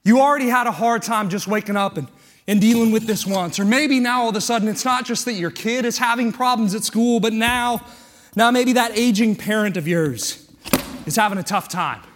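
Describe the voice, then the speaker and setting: Male pastor, very high pitch, breathless, earnest sermon cadence that builds. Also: normal speed. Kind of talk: sermon with a live weightlifting illustration.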